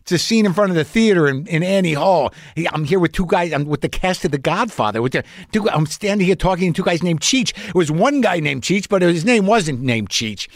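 A male comedian and podcast host tells a story in a rambling, self-doubting, profane way. His voice sits slightly high for a man. The recording is close and dry. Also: animated, brisk, few pauses, no room sound. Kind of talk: storytelling monologue.

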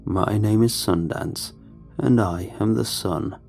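A man voicing a creepy, gaunt male sun creature with metal lips. He speaks in a slow, drawn-out, sinister croak. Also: lowish voice, a little mellow, soft background music. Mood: menacing.

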